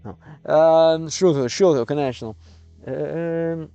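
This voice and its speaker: A man, a native English speaker, live-streaming in a casual chat, sounding out Russian words slowly and thinking aloud as he thanks viewers. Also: fairly high pitch, lively intonation, warm tone, smooth, dry recording, soft background music.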